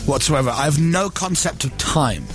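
Animated male radio host. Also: fairly high pitch, moderate pace, soft background music. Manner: self-deprecating, animated storytelling with acted-out quotes. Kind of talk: casual on-air chat.

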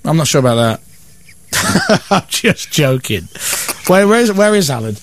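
A male radio presenter in casual, animated studio chat, laughing and acting out quotes in funny voices. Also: a little high, moderate pace, slight background noise. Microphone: studio microphone.

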